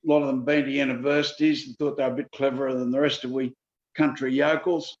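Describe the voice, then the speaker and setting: A man in his seventies with a Queensland Australian accent, answering interview questions in a folksy, emphatic way and repeating figures slowly for effect. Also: mid-range voice, level tone, dull audio. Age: 70s. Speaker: politician guest.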